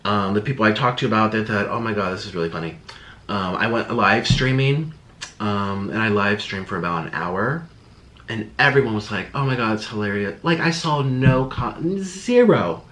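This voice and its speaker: A man's voice: on the low side, animated, moderate pace, bright, forceful tone. A young man YouTuber talking casually to camera, rambling and defensive, slipping into sarcastic quoted voices. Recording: echoey room.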